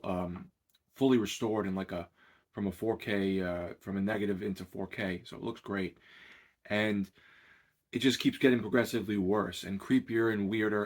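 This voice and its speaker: A man talking loosely through a horror film review as a channel host, rambling and conversational. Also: lowish voice. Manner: rambling and conversational, with many fillers. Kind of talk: casual spoken film review.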